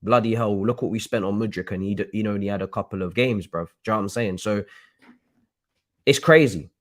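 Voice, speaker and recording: A man's voice: fairly low pitch, a little fast. A man ranting angrily on a live stream about his football club, swearing and repeating himself. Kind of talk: heated live-stream rant.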